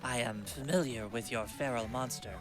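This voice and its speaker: A boastful young sea duelist, voiced by a man, taunts in a grand, theatrical way. The tone is bright and forward, with a middling pitch. Background music plays faintly under the voice. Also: normal speed, close to an everyday voice. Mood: gloating.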